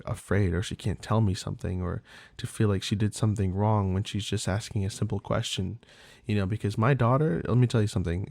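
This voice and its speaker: A man's voice: fairly low pitch, gravelly, darkish tone, no room sound. A man hosting a podcast, talking casually and candidly in a rambling way, swearing freely with lots of fillers. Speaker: podcast host. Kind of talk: casual monologue.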